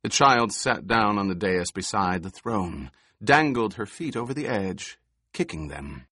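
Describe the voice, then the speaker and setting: A man reading an audiobook in a measured, expressive manner, recorded close to the mic. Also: on the low side, no room sound. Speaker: audiobook narrator. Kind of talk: scripted narration.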